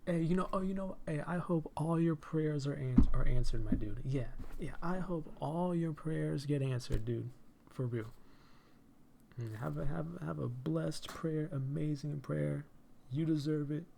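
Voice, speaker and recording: A man's voice: a little high, a little slow, creaky, dark tone, slight background noise. A man hosting a live stream and podcast in casual chat, effusive, often repeating "hey" and "my dude" and laughing between phrases.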